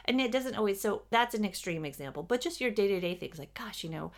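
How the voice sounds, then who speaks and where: A woman channeling spiritual teaching, speaking as a collective "we" in a measured, explanatory way. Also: medium pitch, animated.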